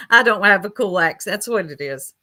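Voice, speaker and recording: A woman's voice: medium pitch, lively intonation, moderate pace, sharp tone. A woman giving casual livestream commentary while reading chat aloud, blunt and gossipy, with casual swearing.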